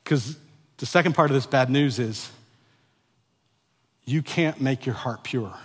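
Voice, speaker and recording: A pastor in his forties preaching a sermon, moving from a quiet, confessional personal story to loud, emphatic exhortation, with frequent stumbles and repeated words. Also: medium pitch, unhurried, breathy edge. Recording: long reverb of a large hall.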